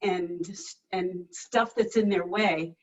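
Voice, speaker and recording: A woman's voice: on the low side, steady tone, slow pace. A woman chatting enthusiastically on a group video call, often restarting her sentences. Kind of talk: casual chat. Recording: distant, dull video-call audio.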